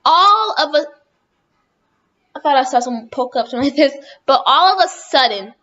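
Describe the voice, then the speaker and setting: A woman's voice: high voice, pushed and bright, muffled recording. A woman telling a rambling storytime on her vlog, chatting casually and often correcting herself. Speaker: vlogger.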